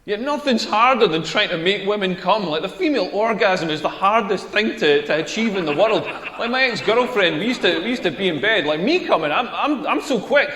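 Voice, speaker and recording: A man's voice: sits high, expressive, fairly quick, few pauses, bright, forceful tone. A young man with a Scottish accent playing a crude stand-up comedian who rambles through stories in a comedy routine. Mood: rambling. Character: crude young male comedian bombing on stage. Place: comedy stage in a hall. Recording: echoey hall.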